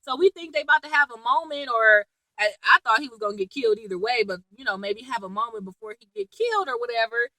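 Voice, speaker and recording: A woman casually recapping a TV episode in a chatty, animated way, laughing and full of slang and asides. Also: a little high, fast, no room sound, rough recording. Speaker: TV episode reviewer.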